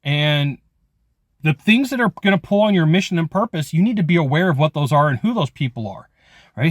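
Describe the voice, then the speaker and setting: A man's voice: on the high side, animated, fairly quick, dry recording, clean studio sound. A man in his forties giving a casual, rambling motivational talk about sales, full of "like" and "okay". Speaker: sales trainer.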